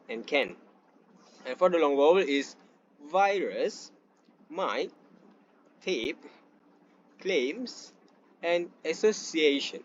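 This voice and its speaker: A young man giving a student class presentation, reading from slides with pauses and restarts. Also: fairly high pitch, lo-fi sound. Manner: reads from slides with frequent fillers and restarts.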